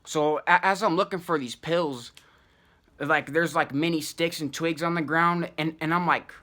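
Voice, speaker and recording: A young man telling a wild personal story in casual, profane slang, full of fillers and animated asides. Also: fairly high pitch, moderate pace.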